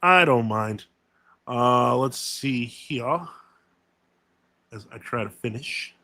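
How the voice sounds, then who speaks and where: A man's voice: medium pitch, takes it slowly, bright, forceful tone, no room sound. A man hosting a casual live Q&A stream, talking in a rambling way with many fillers and self-corrections.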